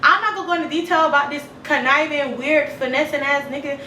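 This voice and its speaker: A woman's voice: high voice, fast, slight background noise. A woman telling a gossipy story in casual chat, full of slang, acting out what people said. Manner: animated gossip with lots of slang, acts out quotes. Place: home, indoors. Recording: echoey room, mic at a distance.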